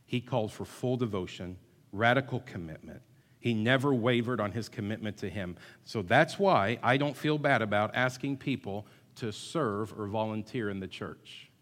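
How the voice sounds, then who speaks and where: A man's voice: fairly low pitch, moderate pace. A man preaching a sermon as pastor, emphatic and repetitive, at times rising to call-and-response with the congregation. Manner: emphatic, builds to loud call-and-response, repeats words. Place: church sanctuary. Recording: long hall reverb.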